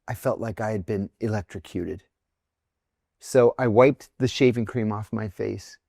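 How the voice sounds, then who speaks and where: A man's voice: fairly low pitch, unhurried, vocal fry, warm tone, no room sound, studio quality. A middle-aged man, a former intelligence officer, telling a personal story in a podcast interview, acting out the voices of the people in it.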